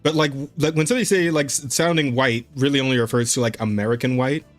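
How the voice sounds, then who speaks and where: A man's voice: mid-range voice, fast talker. A man co-hosting a podcast in casual chat, laughing often and rambling with plenty of swearing. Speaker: podcast co-host.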